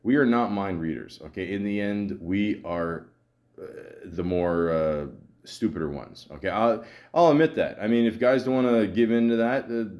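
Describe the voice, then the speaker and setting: A man's voice: on the low side, moderate pace, darkish tone. A man hosting a podcast, telling a story in a casual, rambling monologue full of fillers, stammers and sarcastic asides. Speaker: podcast host.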